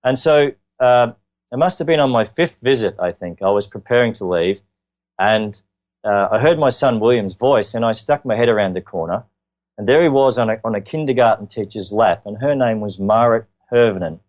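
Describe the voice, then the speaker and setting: A man with an Australian accent, telling his own story as an interview guest in an earnest, halting way with many filler words. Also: lowish voice, a little mellow.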